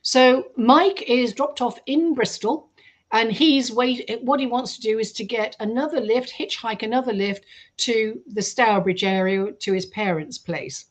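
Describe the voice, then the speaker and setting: A woman, a guest on a radio show, telling a story in a lively way and acting out the quoted voices. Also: on the high side, unhurried. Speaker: guest researcher. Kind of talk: storytelling in an interview.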